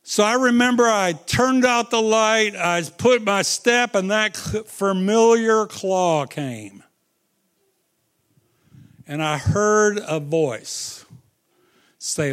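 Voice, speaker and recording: Man, middle-aged, preacher, sermon, high-pitched, unhurried, dramatic storytelling. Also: lively intonation. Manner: storytelling, dramatic swings between loud and hushed.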